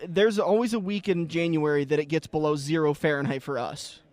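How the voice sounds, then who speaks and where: A man from the American Midwest hosts a racing talk show, bantering with a guest and slipping in event plugs. His voice sits high for a man. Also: a little fast, a little mellow, dry recording. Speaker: radio show host. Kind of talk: casual interview chat.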